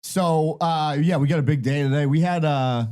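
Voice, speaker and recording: A man's voice: fairly high pitch, steady tone, normal speed, dark tone. A man hosting a casual podcast, ribbing his co-host in a blunt, sarcastic way. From Irish-American. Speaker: podcast host and singer-songwriter. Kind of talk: casual chat.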